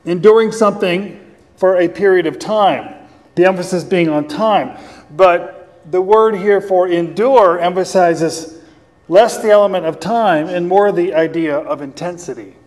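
A man preaching a sermon as pastor, teaching earnestly with pauses and repeated phrases, and slowing down to read scripture aloud. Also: high-pitched, darkish tone. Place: church. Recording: long hall reverb.

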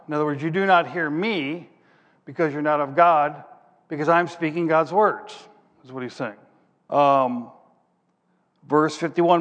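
A man preaching a sermon in a fairly high voice, reading scripture aloud and then explaining it in plain words. He thinks out loud as he hunts for his next passage. His voice trails off into the long reverb of a large hall. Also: takes it slowly, long pauses.

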